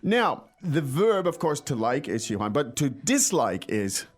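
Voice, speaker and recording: A man's voice: a little high, sing-song, measured pace, breathy edge. A man co-hosting a language-learning podcast, explaining vocabulary and grammar step by step with playful teasing. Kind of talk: conversational language lesson.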